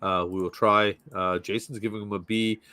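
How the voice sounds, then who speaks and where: A man's voice: on the low side, little pitch movement, normal speed, pushed and bright, dry recording. A man hosting a casual football chat, joking, laughing easily, and reading out viewer comments.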